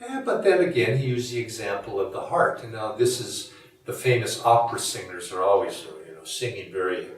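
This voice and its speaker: A man giving a reflective spiritual talk in a measured, musing, conversational way. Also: fairly low pitch, animated. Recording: echoey room from a distant mic.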